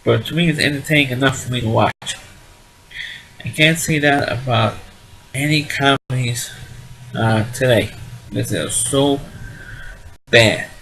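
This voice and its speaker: A man's voice: medium pitch, unhurried, gravelly, long pauses, a bit bright, rough recording. A man giving a casual spoken review of an old sitcom, blunt and dismissive, rambling and often restarting his sentences.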